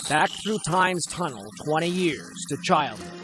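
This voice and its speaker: A man giving scripted news documentary narration in a measured, dramatic delivery. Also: a little high, animated. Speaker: program narrator. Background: background music.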